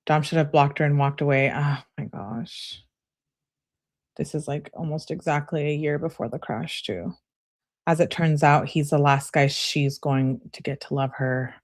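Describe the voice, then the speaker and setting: A woman's voice: deep voice, fairly even intonation, measured pace. A woman reading text messages aloud and adding chatty, slangy commentary in a casual tone. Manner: chatty, reactive, slangy asides. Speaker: true crime commentator.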